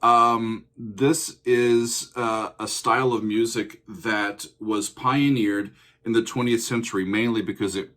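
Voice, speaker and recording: A man's voice: lowish voice, steady tone, slow, few pauses, a bit bright. A man, hosting a casual music reaction video, chatty and joking, often laughing.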